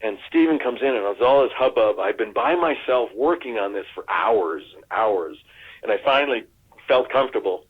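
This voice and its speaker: A man's voice: lowish voice, moderate pace, breathy edge. Man telling stories over a tinny line. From United States. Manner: animated anecdote-telling, lots of restarts and acted-out quotes. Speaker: actor guest. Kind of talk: casual interview storytelling. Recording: phone-like narrow sound.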